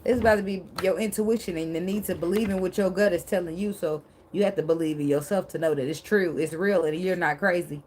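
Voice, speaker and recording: A woman's voice: fairly low pitch, fast, hardly any pauses, darkish tone, slight background noise. A woman doing a casual tarot reading, chatty and joking, with casual swearing. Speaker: tarot reader.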